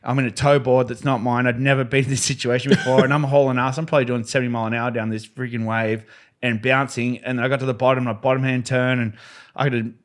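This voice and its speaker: A man guest on a podcast, telling his stunt stories in a casual, animated way and acting out the voices of the people in them. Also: medium pitch, quick pace. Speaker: podcast guest, freestyle motocross rider. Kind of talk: casual storytelling.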